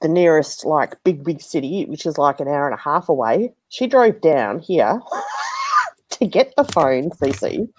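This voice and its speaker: Australian woman, live-stream co-host, animated, stuffy-nosed, dry close sound. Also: sits low, unhurried, breathy edge, no echo. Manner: chatty, laughs loudly, swears casually. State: stuffed-up sinuses. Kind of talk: casual live-stream chat.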